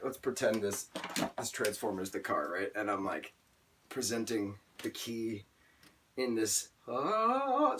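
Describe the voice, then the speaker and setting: A man's voice: lowish voice, background noise. A man reviewing a TV season in a casual vlog, rambling through tangents and filler words, openly emotional. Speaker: TV show reviewer.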